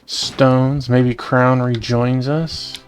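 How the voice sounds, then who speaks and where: A young man casually commenting on a game playthrough in relaxed, muttered asides. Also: mid-range voice, drawn-out words, soft background music. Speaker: game streamer.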